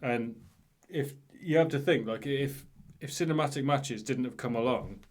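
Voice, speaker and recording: A man's voice: mid-range voice, normal speed. Rambling man in casual chat. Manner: rambling, hesitant, lots of fillers. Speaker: podcast co-host.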